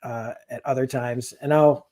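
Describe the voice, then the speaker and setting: Guy hosting a chill livestream, rambly and self-deprecating, ordinary mid pitch. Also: fairly even intonation, measured pace, warm tone. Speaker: livestream host. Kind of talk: casual chat.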